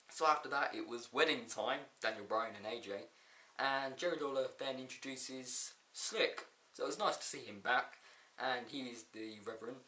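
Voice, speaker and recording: A man's voice: mid-range voice, moderate pace, bright, forceful tone, roomy sound. Giggly man rambling a wrestling recap. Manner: giggly, laughs often, rambling recap with quoted lines. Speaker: wrestling show reviewer. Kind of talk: casual video review.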